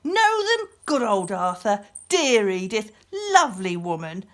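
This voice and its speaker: A woman voicing a male beast in a storybook, loud and bullying, then offhand and chummy. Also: medium pitch, sing-song, a little slow.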